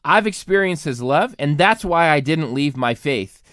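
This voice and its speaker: A man's voice: a little high, expressive, normal speed, a bit bright, no echo, clean studio sound. A congested man, a pastor co-hosting a podcast, talking earnestly in casual chat with many restarts.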